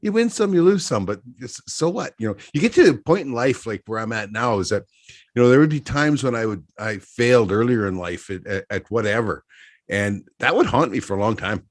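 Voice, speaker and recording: Middle-aged guest, Texas-raised, swooping animated voice, loose anecdotal storytelling with lots of chuckles. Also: male voice, medium pitch, brisk, dry recording, studio quality. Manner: rambling anecdotes, frequent laughter, restarts. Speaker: podcast guest, trapper. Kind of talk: casual storytelling chat.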